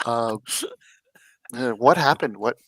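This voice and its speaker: Hesitant, bright-voiced man player. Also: mid-range voice, slow pace, no echo. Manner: hesitant, many "um"s. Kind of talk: tabletop game role-play.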